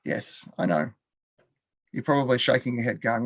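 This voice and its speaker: Gravelly and lively in intonation, this Australian continuing education teacher speaks at a moderate pace and medium pitch while running a live online class from his computer. He chats, laughs frequently and puts questions to the viewers in the chat, with a dry, lo-fi recording.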